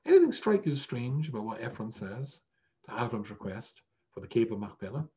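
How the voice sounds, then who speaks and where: A man's voice: medium pitch, sing-song, brisk, dark tone, lo-fi sound. A man teaching a weekly Torah lesson as a rabbi, conversational and self-deprecating. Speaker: rabbi teaching a text class.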